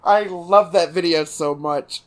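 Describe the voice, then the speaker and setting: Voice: medium pitch, unhurried. A podcast co-host with a Texan accent in casual chat, laughing often, swearing freely and rambling loosely.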